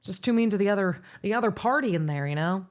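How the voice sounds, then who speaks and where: A young woman from the States hosts her livestream and chats casually with her viewers. She rambles, restarts her sentences and laughs often in a lively way. Her voice sits at an ordinary middle pitch. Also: fast. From United States. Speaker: VTuber streamer. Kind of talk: casual livestream chat, answering chat.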